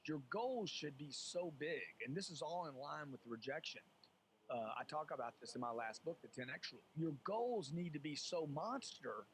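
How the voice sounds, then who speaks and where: A man speaking as a guest in an interview. He is emphatic and animated, acts out quoted voices, and calls the listener "dude.". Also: fairly high pitch, a little hiss or hum, poor audio. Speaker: sales author and guest. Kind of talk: animated motivational interview talk.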